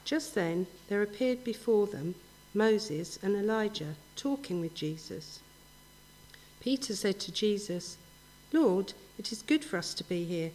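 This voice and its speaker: A woman giving a measured, even reading of a Bible passage. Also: mid-range voice, low-quality recording. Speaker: scripture reader.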